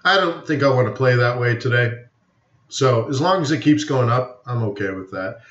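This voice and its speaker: A man's voice: mid-range voice, lively intonation, normal speed, a bit bright. A man hosting a live forex webinar, rambling casually with opinions and jokes. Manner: rambling, opinionated, jokey, many fillers. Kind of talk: casual live-stream commentary. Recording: roomy, dull lo-fi stream audio.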